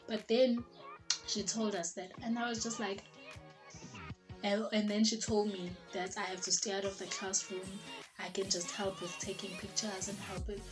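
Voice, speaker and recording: A young South African vlogger with a medium-pitched, steady voice tells a casual storytime about herself at a measured pace. Her South African accent comes through, she drops Zulu words into her English, and music plays in the background.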